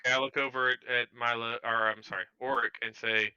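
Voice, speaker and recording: A man's voice: medium pitch, little pitch movement, fast, sharp tone, slight background noise. A man playing a tabletop game, speaking in character in a hesitant way, on dull, lo-fi voice chat audio. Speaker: player.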